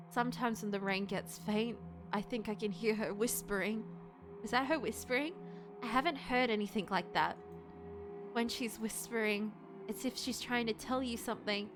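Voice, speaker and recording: Excitable woman streamer who shrieks when scared. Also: on the high side, normal speed, over music. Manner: swears and exclaims often. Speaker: game streamer. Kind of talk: reading game text aloud and reacting.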